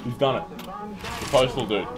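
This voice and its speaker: In a rough recording, a young male streamer with a mid-range voice comments casually on a shooter game at a normal speed. He swears freely and yelps when things go wrong, while game music and gunfire sound in the background.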